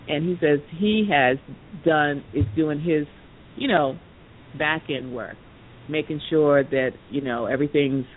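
Woman telling a story over a tinny line. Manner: animated storyteller, acts out quoted voices, many fillers. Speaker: podcast host. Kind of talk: casual storytelling. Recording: tinny phone-line audio with faint rumble.

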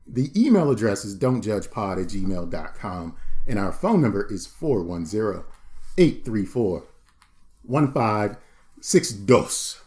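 A man's voice: on the low side, very animated, takes it slowly, darkish tone. A man in his forties co-hosting a podcast, joking and rambling in a playful, casual way. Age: 40s. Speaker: podcast co-host.

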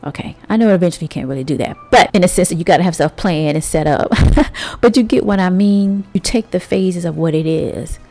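Mellow-voiced woman giving motivational talk. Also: fairly low pitch, soft background music. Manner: conversational, preachy, drawn-out emphasis; speaks with rhetorical asides to listeners. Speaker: host. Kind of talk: motivational monologue.

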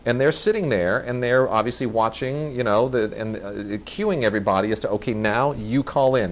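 A man talking through films in a loose, chatty review, his voice sitting at an ordinary middle pitch. He rambles with real enthusiasm, stumbling over titles and doubling back to fix his own sentences. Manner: enthusiastic, rambling, often restarts and self-corrects. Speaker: film review co-host. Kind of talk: casual movie review chat.

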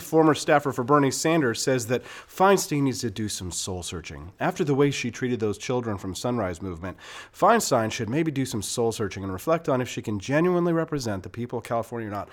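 A male talk-show host delivering political commentary with sarcastic, combative energy. His pitch swings widely, jumping up for mockery. He sits at a middle pitch. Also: big pitch swings, normal speed.

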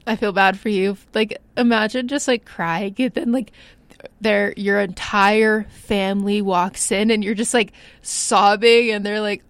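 A woman's voice: medium pitch, fairly even intonation, measured pace, clear, resonant tone, no echo. A young woman co-hosting a casual chat show, reading out listener stories, laughing often and saying "like" a lot. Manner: giggly, says "like" a lot. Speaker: podcast co-host.

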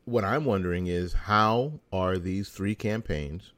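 A man's voice: sits low, measured pace, a bit bright, no echo. A middle-aged American man giving a folksy, sarcastic opinion monologue as a talk show host.

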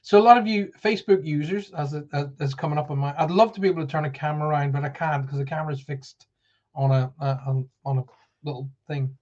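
A man with a somewhat high voice hosts a casual live stream, chatting loosely and rambling between greetings to viewers. His talk wanders, full of asides and restarts. The sound is a little dull and lo-fi. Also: fairly even intonation, fast talker, darkish tone. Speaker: livestream host and card reader.

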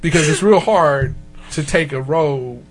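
A man telling a long story in a casual chat, animated and profane, laughing often and acting out the other people in it. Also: a little high, normal speed, slightly rough, soft background music. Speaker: podcast host telling a story.

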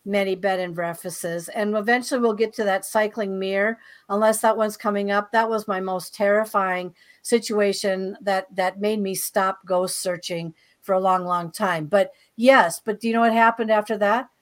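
A woman guest on a talk show, telling her own paranormal experiences in a casual, animated way and often repeating words. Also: mid-range voice, moderate pace, hardly any pauses. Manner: animated, breezy storyteller who repeats words as she goes. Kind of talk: casual storytelling interview.

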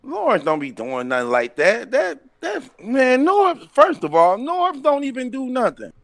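Animated, high-voiced man in casual chat. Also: a little slow, vocal fry, dry recording. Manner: animated, acts out quotes with laughter. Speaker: podcast co-host.

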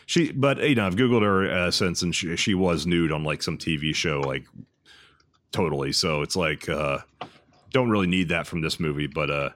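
A man's voice: extremely low pitch, fairly bright tone. A man co-hosting a podcast, chatting casually about a film in a blunt, crude way and often restarting his words. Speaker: podcast co-host.

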